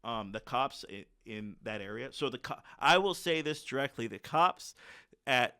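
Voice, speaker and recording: Bright-voiced man telling a story. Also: mid-range voice, normal speed, smooth. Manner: animated, acts out quotes. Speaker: podcast guest. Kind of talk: casual storytelling.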